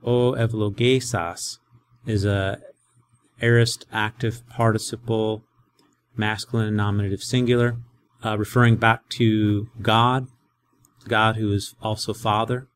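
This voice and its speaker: A man teaching a Greek lesson as a professor, explaining in a conversational, animated way. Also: on the low side, a little slow, clear, resonant tone.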